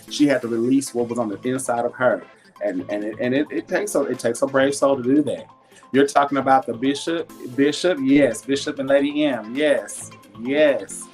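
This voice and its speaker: A man hosting a casual live jewelry sales stream, chatty and laughing often, reading viewer comments aloud and talking about his faith. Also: medium pitch. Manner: warm and churchy, talks faith.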